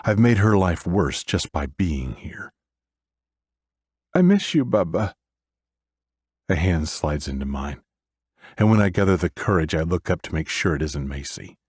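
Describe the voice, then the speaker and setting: Deep, husky male audiobook narrator. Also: moderate pace, a little mellow, no echo, clean studio sound. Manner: brooding, intense. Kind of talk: first-person audiobook narration.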